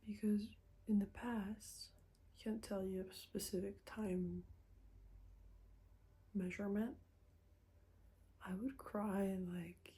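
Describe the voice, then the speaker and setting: A young woman talking candidly to the camera in a rambling vlog, often dropping into soft whispers. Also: mid-range voice, flat delivery, takes it slowly, long pauses, poor audio. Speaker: vlogger. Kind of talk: casual confessional vlog.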